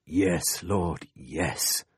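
A man voicing a desperate preacher in an audiobook, growly, hushed and slow as he pleads in prayer. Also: low voice, slightly rough, no room sound, studio quality, heavily acted. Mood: fearful. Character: desperate pleading middle-aged male preacher. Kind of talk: audiobook character voice.

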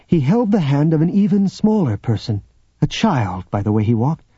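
A man narrates an audiobook in a measured, steady voice. His tone is dark and husky, and the recording sounds dry and a little dull. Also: a little high, no room sound. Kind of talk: scripted narration.

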